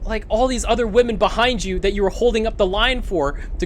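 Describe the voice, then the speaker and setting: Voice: medium pitch, a little fast, hardly any pauses. A streamer chatting casually while playing a video game, telling a profane, ranting story. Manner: talks to a pet mid-story. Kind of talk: casual gaming stream chat.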